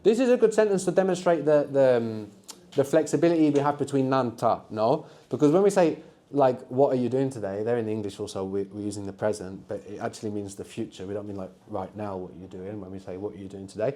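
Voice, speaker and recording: A man's voice: medium pitch, fast talker, mellow. A man teaching a live language workshop to university students, patiently prompting them with questions and answers. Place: lecture room at a university.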